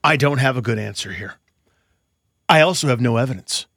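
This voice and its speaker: A man's voice: medium pitch, fairly quick, creaky, fairly bright tone, dry recording, clean studio sound. A man co-hosting a sports podcast, wisecracking and self-deprecating. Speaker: podcast co-host. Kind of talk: casual sports podcast chat.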